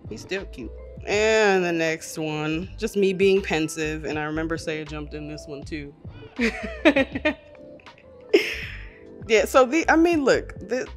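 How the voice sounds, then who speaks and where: A middle-aged woman chatting casually on her vlog, animated and self-mocking, laughing often. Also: lowish voice, takes it slowly, pauses often, faint music behind. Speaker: vlogger. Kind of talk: casual chat reviewing old photos.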